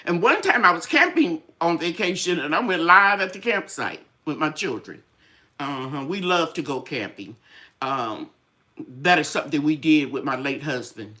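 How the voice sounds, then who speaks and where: Lively, chatty older woman host. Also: low voice, moderate pace. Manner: chatty, storytelling, acts out quoted voices. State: a little tired, sinuses draining. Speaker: gardening channel host. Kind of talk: casual live-stream chat.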